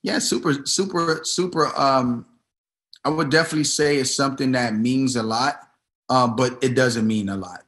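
A man's voice: mid-range voice, moderate pace, a bit bright. A man hosting a casual business talk, giving advice in an emphatic style and repeating himself for emphasis. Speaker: host.

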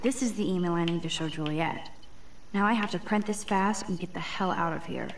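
A woman's voice: fairly low pitch, brisk, lightly acted. An actress playing a thoughtful, wry young female student in a video game, musing to herself in game audio with faint noise. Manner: musing inner monologue.

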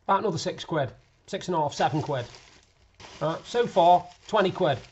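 A man's voice: on the high side, normal speed, highs cut off, a little hiss or hum. A man chatting casually in a vlog, complaining indignantly about his day. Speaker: vlogger.

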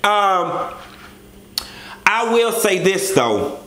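A flamboyant man with a high voice gives a sassy, profane reality TV review. His talk is full of attitude and dishy asides. The room around him rings with echo. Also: big pitch swings, drawn-out words, bright, forceful tone. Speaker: vlogger. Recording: echoey room.

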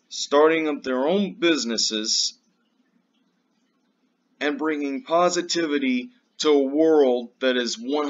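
A man rants through his own political commentary show, swearing freely and leaning hard on each point. He speaks slowly, his voice bright and tense. The recording sounds dull and lo-fi, like a home setup. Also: mid-range voice. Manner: ranting, profane, emphatic; slow and drawn out. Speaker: show host.

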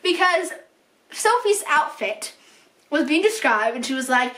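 Bright, chatty young woman book vlogger. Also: sits high, expressive, moderate pace. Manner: gushing and chatty, with lots of fillers. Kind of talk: casual chat. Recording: echoey room.

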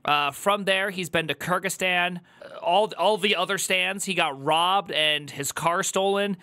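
A man's voice: sits high, unhurried, pushed and bright, smooth. A man streaming live, reacting to a news clip with rambling, sarcastic commentary full of fillers. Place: home streaming setup.

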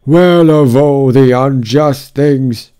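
A man reading an audiobook, voicing an indignant male card gardener in drawn-out outbursts. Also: fairly high pitch, steady tone, a little mellow, clean tone, dry recording, voice pushed up.

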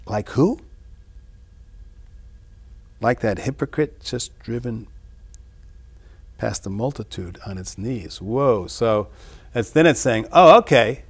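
Low-voiced man musing over song lyrics. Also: darkish tone, husky. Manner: musing, reads lyrics then explains them; halting, many restarts. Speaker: songwriter discussing his lyrics. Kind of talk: reflective interview talk.

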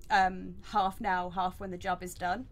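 A woman's voice: on the low side, level tone, measured pace. Woman voicing an earnest male villager. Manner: polite, hesitant pleading. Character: earnest male villager seeking his friend.

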